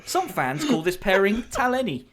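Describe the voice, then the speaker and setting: Giggly man reading aloud over loud noise. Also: high voice, big pitch swings, moderate pace. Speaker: podcast co-host. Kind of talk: casual chat.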